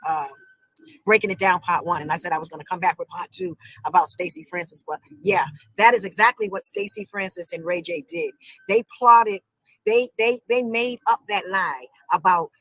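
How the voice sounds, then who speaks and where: A woman speaks in an indignant, repetitive manner, stacking words for emphasis. Her mid-pitched voice sits close and dry in the recording. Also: fairly bright tone, no room sound, rough recording. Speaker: family member of a late singer.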